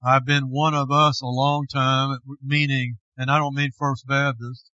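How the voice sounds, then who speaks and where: A man, a pastor, preaching a sermon slowly and with deliberate emphasis. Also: mid-range voice, flat delivery, sharp tone, dry recording, highs cut off.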